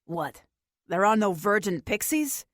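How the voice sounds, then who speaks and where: An earnest, awkward young special agent, as a woman narrating an audiobook voices him, dropping a little lower than her usual voice. He sounds flustered and guarded, recorded close and dry. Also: expressive, unhurried, fairly bright tone, no echo. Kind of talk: audiobook character voice.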